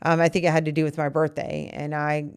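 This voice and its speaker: Speaking fast in a low-pitched, level, darkish but clean voice, a woman co-hosts a podcast alongside her partner. In this candid conversation about a disagreement, she explains earnestly and at length, restarting as she goes. The audio is studio quality with no echo.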